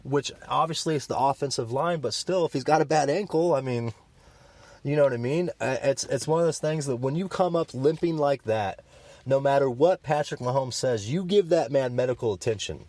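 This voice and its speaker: A man's voice: medium pitch, a little fast, darkish tone, no room sound. Fired-up guy on a sports podcast, dry close mic, talks straight at you. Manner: passionate, emphatic, opinionated. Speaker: podcast co-host.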